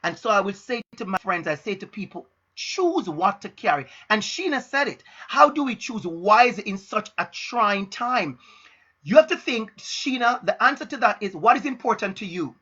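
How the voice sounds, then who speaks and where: A man's voice: high voice, very animated, normal speed, pushed and bright, husky, muffled recording. A man giving a frank motivational talk on a live stream, stressing his points by repeating phrases. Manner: frank and direct. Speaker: motivational speaker.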